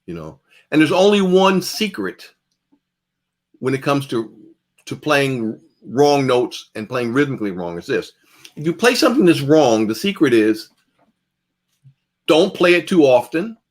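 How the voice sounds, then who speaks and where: A man teaches a guitar master class in a relaxed, conversational manner, repeating phrases for emphasis and swinging between loud and soft. His voice is medium-pitched and unhurried, with long pauses.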